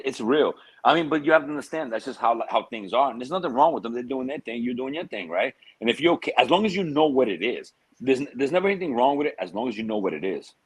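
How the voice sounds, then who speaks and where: A man's voice: medium pitch, breathy edge, low-quality recording. A man, a guest telling stories in a casual interview, streetwise and full of slang. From United States. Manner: streetwise slang, drawn-out tangents.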